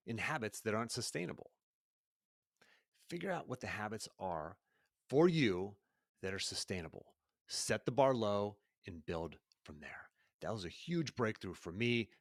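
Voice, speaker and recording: A man's voice: medium pitch, a bit bright, dry recording, clean studio sound. A middle-aged man hosting his own podcast, talking energetically and conversationally, often tossing in rhetorical questions. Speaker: podcast host and coach. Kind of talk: solo podcast monologue.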